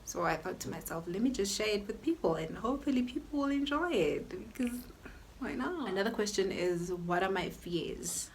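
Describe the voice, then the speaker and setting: A woman's voice: mid-range voice, animated, normal speed, a little hiss or hum. A young South African woman with a South African accent, chatting through a get-to-know-me Q&A in an opinionated, casual way and slipping into local languages. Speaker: YouTuber. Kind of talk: casual Q&A vlog.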